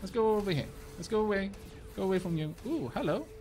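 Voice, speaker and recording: A Welsh man chatting quickly and casually with his viewers while he plays a game, poking fun at himself as he goes. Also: high-pitched, expressive, dark tone, soft background music. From Wales. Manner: fast-talking, chatty, self-mocking. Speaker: game streamer. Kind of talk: casual live-stream chat over gameplay.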